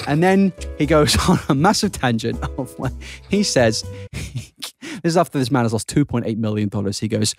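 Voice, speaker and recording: A man's voice: medium pitch, expressive, normal speed, soft background music. A man co-hosting a podcast, casual chat, laughing and ranting with plenty of swearing. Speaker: podcast co-host.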